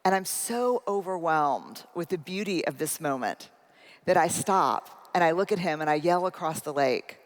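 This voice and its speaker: A woman's voice: fairly low pitch, animated, moderate pace. A middle-aged woman giving a humorous, self-deprecating keynote talk, telling a personal story and speaking directly to the audience in a large conference hall. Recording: long hall reverb.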